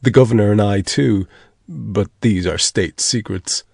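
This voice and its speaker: A sly old devil in a traveller's guise speaks slowly and mockingly, read by a man. The tone stays calm and the recording is dry and close. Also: fairly low pitch, gravelly, breathy edge, no echo, full character voice. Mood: confiding.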